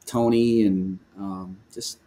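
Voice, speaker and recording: A man's voice: fairly low pitch, slow pace, a little hiss or hum. Storytelling man on a video call. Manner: lively storytelling with frequent laughs and restarts. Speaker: guest, worship leader. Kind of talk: remote video call interview. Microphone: video call microphone.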